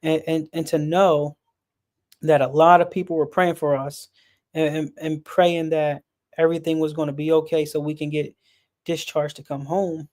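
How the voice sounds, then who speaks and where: A man's voice: a little high, little pitch movement, normal speed, a little mellow. A man talking earnestly about support and mental health on a stream, often repeating words as he gathers his thoughts. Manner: earnest, repeats words while searching for them. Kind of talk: earnest personal talk.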